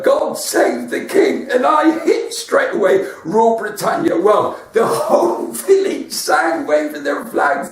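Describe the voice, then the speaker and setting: Older man, West Country accent, high lively voice, chatty comic, roomy sound from away from the mic. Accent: West Country English. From West Country of England. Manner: chatty, laughs at his own jokes. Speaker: comedian. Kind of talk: live stand-up storytelling. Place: front room at home. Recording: roomy, distant home recording.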